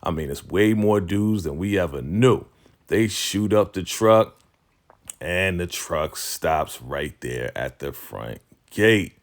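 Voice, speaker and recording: A chatty man with a low, deep voice recaps a TV drama episode in a loose, conversational way. He fills his talk with asides and chuckles. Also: animated, slow pace. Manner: chatty, laughs often, lots of fillers like "I mean" and "right?". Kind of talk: casual recap commentary.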